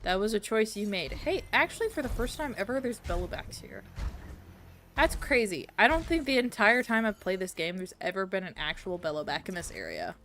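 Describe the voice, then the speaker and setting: A woman's voice: medium pitch, big pitch swings, brisk, a bit bright, slight background noise. A woman streaming as a VTuber, chatting casually and playfully while she plays, rambling from topic to topic and talking back to the game. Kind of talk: casual live-stream chat while gaming.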